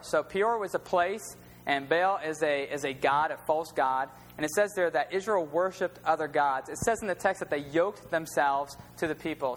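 A man's voice: a little high, fairly bright tone. Man preaching in a reverberant hall. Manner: conversational storytelling, plain everyday wording. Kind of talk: sermon. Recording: long reverb with faint hum.

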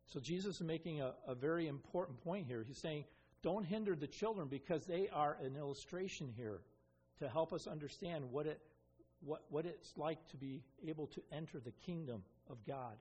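A pastor giving an earnest expository sermon, with frequent ums and restarts. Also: male voice, a little high, normal speed, darkish tone, slightly rough. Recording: long reverb of a hall.

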